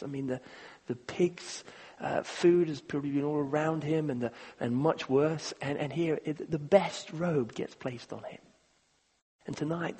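Guy preaching a sermon, kinda high breathy voice, stops and restarts a lot, big hall echo. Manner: earnest, halting, repeats words, swings from loud to hushed. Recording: long reverb of a large hall.

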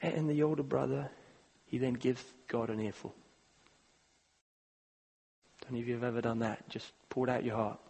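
A man preaching a sermon, earnest and halting, repeating words and swinging between loud appeals and hushed moments. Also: medium pitch, level tone, vocal fry, breathy edge. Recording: long reverb of a large hall.

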